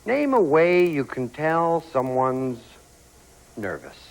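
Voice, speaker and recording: A man's voice: a little high, big pitch swings, slow, background noise. A man hosting a game show, joking and teasing the contestants and calling them love and darling. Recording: archival TV studio with loud audience. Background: loud studio audience.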